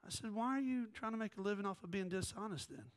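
Animated high-voiced pastor. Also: male voice, quick pace. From American South. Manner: animated, joking, jumps between quoted voices. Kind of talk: sermon with storytelling.

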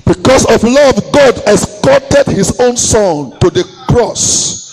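A man preaching a sermon as pastor, chanting his phrases, swinging from shouts down to low murmurs. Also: animated, slow, slightly rough, faint music behind, poor audio.

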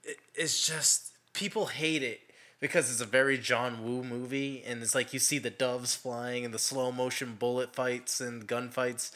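A man's voice: mid-range voice, steady tone, moderate pace, sharp tone. A man co-hosting a podcast, chatting casually about movie trailers and laughing often. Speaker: podcast co-host.

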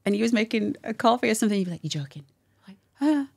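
A woman's voice: a little high, rapid-fire, creaky. A woman, a guest candidly telling a personal story with laughter and quoted dialogue. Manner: warm, laughing, animated retelling with quoted dialogue.

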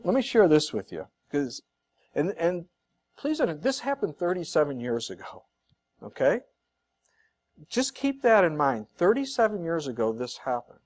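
A man's voice: fairly high pitch, sing-song, normal speed, darkish tone. A man preaching a sermon as pastor, earnest and conversational, repeating points for emphasis with casual asides.

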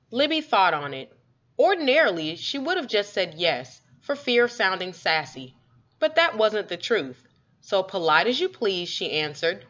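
Woman reading a kids' story, lively and bright, low voice, dull lo-fi sound. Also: normal speed. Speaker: storybook reader. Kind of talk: children's story read aloud. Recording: dull lo-fi recording.

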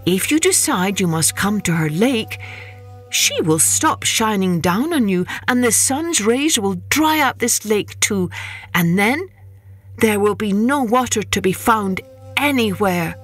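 A woman's voice: mid-range voice, lively intonation, a little slow, soft background music. A woman voicing a clever, confident male hare king in a children's story, speaking in a persuasive, knowing way. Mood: sly.

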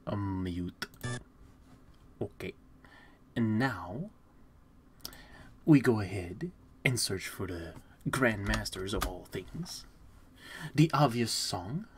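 A young adult streamer giving casual, excitable commentary while gaming, swearing, laughing often and stammering. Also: mid-range voice, a little hiss or hum.

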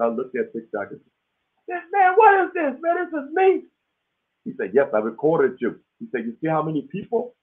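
A man hosting a webinar in a casual, lively way, acting out the voices in the stories he tells. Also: lowish voice. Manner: animated storytelling, acts out quoted dialogue. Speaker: webinar host. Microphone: video call. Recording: tinny phone-like audio.

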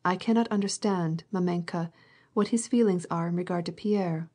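A woman voicing a calm, skeptical young nobleman who talks in a dry, reasoning way. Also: lowish voice, moderate pace, slightly rough.

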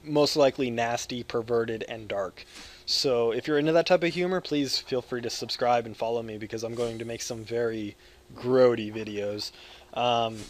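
A man from the United States giving rambling gameplay commentary, loud and jokey with crude humor, swinging between yelling and mumbling. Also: mid-range voice, moderate pace. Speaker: gaming video creator.

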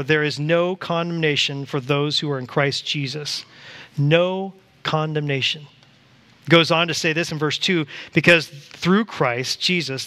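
A man preaching a church sermon, animated and acting out quoted voices to the congregation. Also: on the high side. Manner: animated, acts out voices of God and Satan. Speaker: pastor. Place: church sanctuary.

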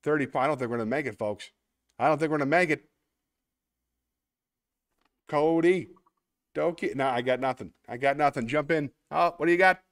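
A man's voice: fairly high pitch, fairly quick, long pauses. A man hosting a casual online show, chatting as he plays a word game, thinking aloud and poking fun at himself, then thanking his viewers sincerely. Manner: chatty, self-mocking, thinks aloud while playing. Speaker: host. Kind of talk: casual livestream chat while playing a word game; warm heartfelt sign-off to viewers.

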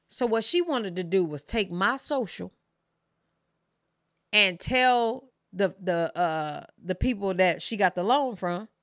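A woman's voice: medium pitch, sharp tone, no echo, studio quality. Candid woman in her thirties, storytelling. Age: 30s. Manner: candid, profane, emotional storytelling. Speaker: reaction channel host. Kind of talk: casual story time to viewers.

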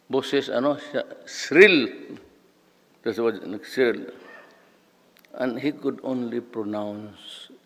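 A man in his seventies from the Philippines, giving a rambling, anecdotal speech as guest speaker at an alumni event. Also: medium pitch. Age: 70s. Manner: rambling, storytelling, mixes languages. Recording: echoey hall.

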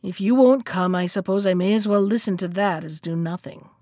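A woman's voice: sits high, big pitch swings, moderate pace, dry recording, studio quality. A woman voicing a gullible male shark who grows impatient and cross in a storybook reading. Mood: sulky.

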